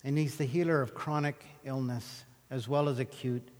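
A man preaching a sermon, telling Bible stories with animated, acted-out retellings of the scenes. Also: mid-range voice, moderate pace, long reverb tail. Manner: animated storytelling, acting out scripture scenes. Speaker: pastor.

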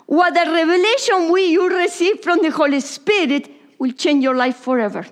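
High-voiced woman preaching in English. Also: normal speed. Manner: non-native English with Spanish slips, drops to whispers. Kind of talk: sermon.

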